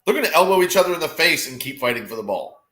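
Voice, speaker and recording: Talking very fast in a slightly high voice, a sports watchalong guest reacts to the game in casual chat. He's animated and profane, cursing freely and exclaiming at the action.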